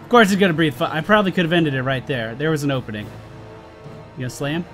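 A man narrating his own gameplay in a casual, profane running commentary, his voice swinging widely up and down as he grows exasperated. His pitch sits a little high for a man, and faint game music plays underneath. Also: lively intonation, racing, a bit bright. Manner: swearing, exasperated, talks to the game. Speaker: let's play gamer.

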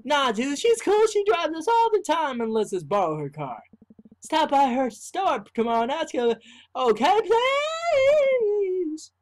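A man voicing a giddy young party girl in a high, squealing, breathless voice. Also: big pitch swings, unhurried, exaggerated voice. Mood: pleading. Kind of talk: gameplay voice acting.

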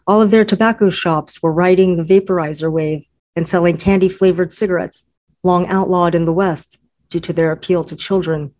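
A woman, the author, reading her own literary essay aloud in a measured, even manner. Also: fairly low pitch.

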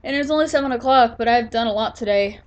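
A woman's voice: on the high side, quick pace, muffled recording. Sleepy woman rambling over gameplay. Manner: rambling, with many fillers and restarts. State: sleepy, yawning. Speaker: gaming channel host.

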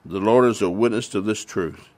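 A man voicing an aging prophet in a retold Bible story, speaking in an earnest, measured, pleading way. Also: on the low side, a little mellow, no room sound, close to an everyday voice. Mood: solemn.

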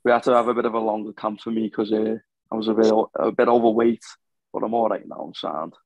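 Gravelly, blunt young man. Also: lowish voice, steady tone, quick pace, dry recording, lo-fi sound. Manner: blunt and sweary, calls everyone lad. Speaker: MMA fighter guest. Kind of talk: casual podcast chat.

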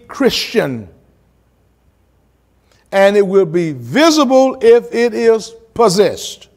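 Lively preaching pastor, high voice. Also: male voice. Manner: preachy, dramatic pauses, acts out quotes, colloquial asides. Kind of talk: Bible study sermon. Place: church.

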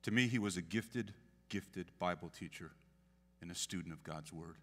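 A man, a pastor, giving a memorial eulogy with earnest, emphatic delivery that swells to sudden loud peaks. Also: deep voice, moderate pace. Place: church sanctuary. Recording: long church hall reverb.

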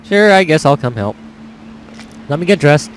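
A man's voice: fairly high pitch, expressive, moderate pace, slight background noise, poor audio. A young man hosting a let's-play, chatting upbeat to his viewers. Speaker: gaming channel host. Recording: game music behind.

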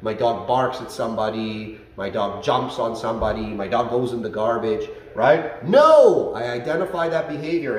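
A man working as a dog trainer explains things to a class in an animated way. He often checks in with "okay?" and "right?". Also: mid-range voice, far from the mic. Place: dog training facility, indoors. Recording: roomy echo, set back from the mic.

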